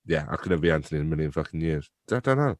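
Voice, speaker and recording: Rumbling low and rapid-fire, with lively intonation, a young man from England who runs a theatre company chats casually as a guest. He is self-deprecating and joking, laughs often and swears casually, and the studio sound is clean with no room sound.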